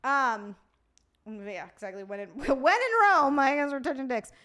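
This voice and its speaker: Casual woman stream host reading chat, profane and giggly, somewhat high pitch. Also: normal speed, a bit bright. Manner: profane, laughing, reacting to chat.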